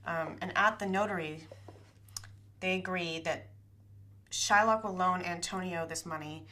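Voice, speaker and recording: A young woman with a slightly low voice tells a story in a loose, conversational way. She leans on fillers and rattles off quick paraphrased lines from the characters. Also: pushed and bright. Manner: chatty, with frequent fillers and quick paraphrased quotes. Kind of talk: casual play retelling.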